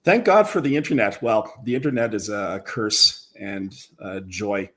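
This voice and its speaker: A man chatting as a guest on a livestream, telling his story in a relaxed, self-deprecating way. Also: fairly low pitch, measured pace. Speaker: guest model builder. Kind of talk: casual chat on a livestream.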